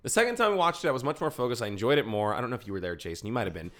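Brief: young male podcast co-host, quick-talking, lively pitch, animated storyteller. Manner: animated storyteller who acts out shouted quotes. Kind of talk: casual chat.

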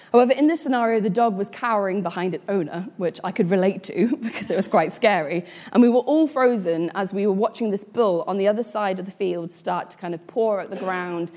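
A woman's voice: mid-range voice, darkish tone. A woman in her late twenties giving a sermon, telling a story with fillers and small laughs before reading scripture. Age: late 20s. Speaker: preacher.

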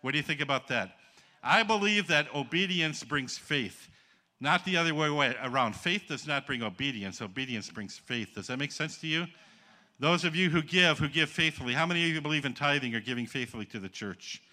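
A man from the Upper Peninsula of Michigan preaches with a piercingly bright, forceful tone. He is folksy and joking, spinning stories and coaxing the congregation to answer him. His voice sits a little high for a man. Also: expressive, fairly quick. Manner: folksy, jokes with the congregation and calls for responses. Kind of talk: sermon with stories.

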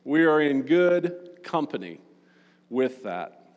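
Guy preaching a sermon, kinda high voice, chatty jokey asides, big echoey church hall. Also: sing-song, takes it slowly. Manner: conversational, joking asides between readings. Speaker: pastor. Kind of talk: sermon with scripture reading. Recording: long reverb of a large room.

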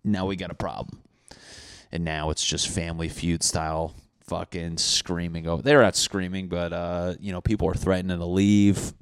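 A man hosting a solo comedy podcast, rambling profanely and acting out neighbors in loud mocking voices. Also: sits low, little pitch movement, moderate pace, clear, resonant tone, no echo, studio quality. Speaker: podcast host. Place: indoors at home.

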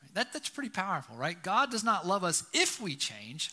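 A pastor preaches in a conversational, storytelling way, often asking his listeners "right?" His high-pitched voice is sharp, swings widely in pitch, and moves at a moderate pace with few pauses.

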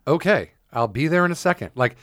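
A man's voice: fairly high pitch, lively intonation, brisk, a bit bright, dry recording, clean studio sound. Man telling crude comedy stories. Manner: storytelling with acted-out quotes and crude jokes. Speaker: podcast co-host, comedian. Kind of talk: casual chat.

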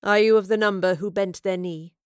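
A woman's voice: mid-range voice, fairly even intonation, brisk, clean tone, no echo, studio quality, lightly acted. A woman reading aloud and voicing a proud, fierce warrior queen who speaks in a stern, declaiming way.

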